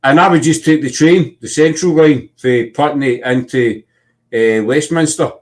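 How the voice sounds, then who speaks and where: A man's voice: a little high, unhurried. A man with a Scottish accent, hosting a casual chat and telling rambling anecdotes.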